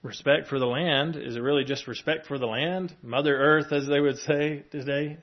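A man's voice: on the high side, steady tone, moderate pace, highs cut off. A man preaching a sermon in a conversational way, reading scripture and adding asides with small chuckles and fillers. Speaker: pastor.

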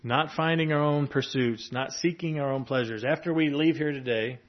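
A man's voice: a little high, normal speed, lo-fi sound. A man preaching a sermon in a conversational way, reading scripture and adding asides with small chuckles and fillers. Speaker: pastor.

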